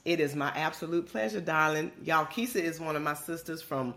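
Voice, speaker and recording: This podcast host from Georgia, USA, has a low-pitched, slightly bright voice. Her manner is casual and emphatic, drawing out her words as she calls her audience "y'all."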